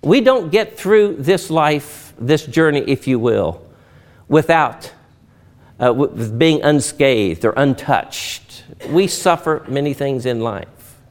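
Male pastor, sermon, earnest, very animated intonation, emphatic slow pauses. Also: medium pitch.

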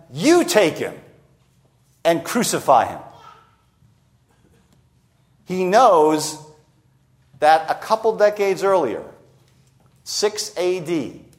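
A man preaching an expository sermon, slowing down and acting out quoted lines for emphasis. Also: on the high side.

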